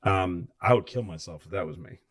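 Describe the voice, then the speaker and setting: A man's voice: low-pitched, big pitch swings, a little fast, creaky. A comedian in his fifties, telling rambling, profane stories in casual chat.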